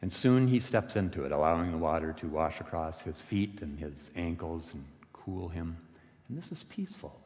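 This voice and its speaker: A man giving a storytelling sermon, retelling a parable in an unhurried, gentle way. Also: deep voice, lively intonation, big-room sound. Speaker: lay worship speaker. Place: church sanctuary.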